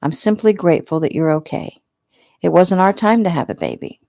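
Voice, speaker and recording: Lady reading a soft-spoken worried young guy, low gravelly voice, dry close sound. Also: sing-song, brisk, no echo. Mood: tender. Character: tender young man, devoted and worried.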